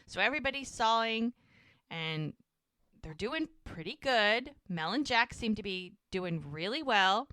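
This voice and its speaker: A woman's voice: mid-range voice, expressive, a little slow, pushed and bright, no room sound. A woman podcast co-host chattily recapping a TV episode, full of "like" and "he's like". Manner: chatty storytelling, frequent "like" and "he's like".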